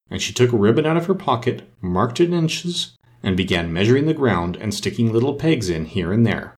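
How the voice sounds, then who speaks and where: Man narrating a storybook with lively pitch. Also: brisk.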